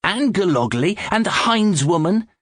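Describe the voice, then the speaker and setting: A man voicing an excitable, nervous male accomplice who speaks in a high, strained, pleading voice. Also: measured pace, dry recording, studio quality, full character voice. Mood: triumphant.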